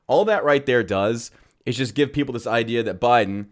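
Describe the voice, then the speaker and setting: Man, live stream reaction host, profane, incredulous, mid-pitched voice. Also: normal speed.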